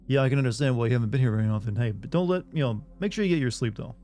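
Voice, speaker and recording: Racing along in a mellow, medium-pitched voice, a man streams a game and chats casually. He comes from the US South but has no regional accent, and he reads viewer messages aloud before answering them in a meandering way.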